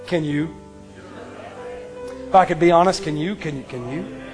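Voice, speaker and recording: High-voiced man preaching with fervor. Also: moderate pace. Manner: swings from ringing declarations to hushed near-whispers, heavy repetition. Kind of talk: impassioned sermon. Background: faint music.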